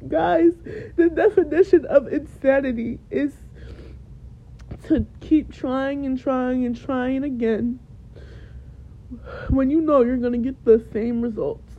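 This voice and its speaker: Tearful high-voiced woman podcaster. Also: slow, pauses often. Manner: addresses listeners directly, repeats herself. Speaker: podcast host. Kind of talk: emotional personal storytelling. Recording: dull lo-fi recording.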